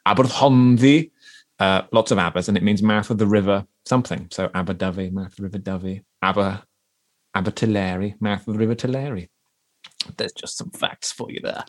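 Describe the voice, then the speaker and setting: Welsh male co-host, lower voice, chatty, jokey, rambling with restarts. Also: steady tone, brisk. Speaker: podcast co-host. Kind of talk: casual chat.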